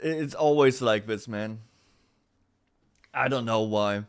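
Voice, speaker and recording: A young man with a German accent chats casually as a streamer, often bursting into laughter and reacting loudly to chat. His voice is lowish, his pace slow, and his tone clean.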